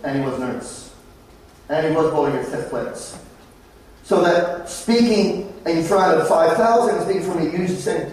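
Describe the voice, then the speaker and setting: High-voiced Australian man, echoey hall. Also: moderate pace, a little mellow, far from the mic. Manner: anecdotal, jokey storytelling. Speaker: conference speaker. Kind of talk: motivational presentation. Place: large conference hall.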